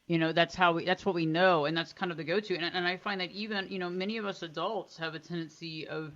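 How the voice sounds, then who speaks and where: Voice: mid-range voice, steady tone, fast talker, fairly bright tone, muffled recording. A radio show host asking thoughtful, emphatic questions in a podcast interview.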